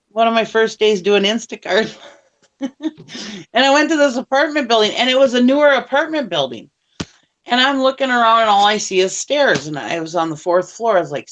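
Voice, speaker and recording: A woman's voice: medium pitch, fairly bright tone. A woman telling rambling everyday stories in casual chat, laughing often and swearing mildly.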